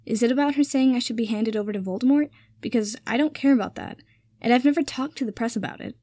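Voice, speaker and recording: A woman's voice: a little high, quick pace, dark tone, no room sound. A woman reading a story aloud, voicing a casual, sarcastic young man.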